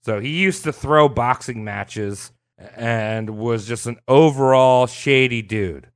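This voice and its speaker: Man host, casual storytelling, animated, swears a lot, voices quotes. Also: mid-range voice, slow, clean tone. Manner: animated, profane, acts out quotes. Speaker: podcast host.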